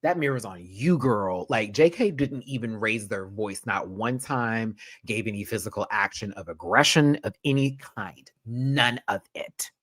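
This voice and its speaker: A young man from Houston, hosting a show review as casual chat, sassy and animated, cursing and mimicking others. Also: fairly low pitch, a little slow, few pauses, no room sound, studio quality.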